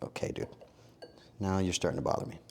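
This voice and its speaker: A man streams his home cooking and talks to chat briskly, with a little hiss or hum on the recording. He wanders from topic to topic, mocks himself, and breaks into bouts of mock outrage.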